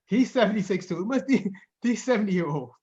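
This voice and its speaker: High-voiced man reading news items. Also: expressive, a little fast, a little mellow. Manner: reads news items aloud, chuckling. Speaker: co-host. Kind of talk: casual comedic chat. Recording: muffled lo-fi audio.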